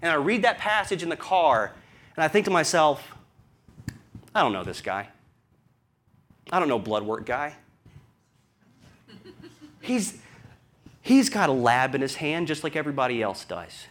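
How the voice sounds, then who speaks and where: Southern man, pastor, sermon, fairly high voice, storytelling, rhetorical questions. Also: sing-song, unhurried, pauses often, fairly bright tone. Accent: Southern American. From American South.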